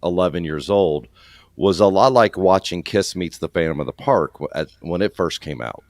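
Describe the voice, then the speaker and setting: A man's voice: low voice, moderate pace, dry recording, clean studio sound. A man in his fifties in a casual chat, speaking in a reflective, rambling way.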